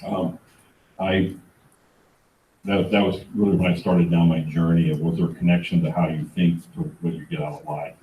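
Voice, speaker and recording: Middle-aged male seminar speaker, lively storyteller, warm dark tone, faint room ambience. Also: low voice, moderate pace, slight background noise. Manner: animated storyteller who acts out dialogue. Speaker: real estate speaker. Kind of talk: motivational seminar talk. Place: event room. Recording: echoey room, distant mic.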